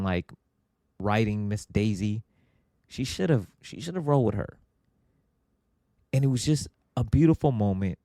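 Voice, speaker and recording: A middle-aged man hosting a podcast, telling a family story in a casual, animated way and acting out what people said. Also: no room sound, studio quality. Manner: animated, acts out quotes with big pitch jumps. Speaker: podcast host.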